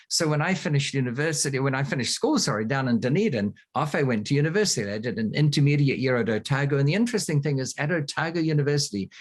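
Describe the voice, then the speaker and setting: A man in his sixties from New Zealand with a New Zealand accent, telling wry stories as an interview guest over a remote call. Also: fairly high pitch. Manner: wry, anecdotal. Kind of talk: storytelling interview answers.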